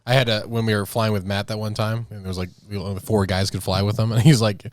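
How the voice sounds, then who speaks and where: A man's voice: fairly low pitch, fast, dry recording, clean studio sound. A man in his thirties co-hosting a casual comedy podcast, telling stories with lots of acted-out voices. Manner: animated storyteller, acts out voices. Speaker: podcast co-host.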